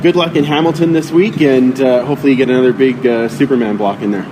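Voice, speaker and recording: A man's voice: mid-range voice, steady tone, fast talker, noisy background. A man hosting a podcast interview, reacting with enthusiasm and praise. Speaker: podcast host. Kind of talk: casual interview.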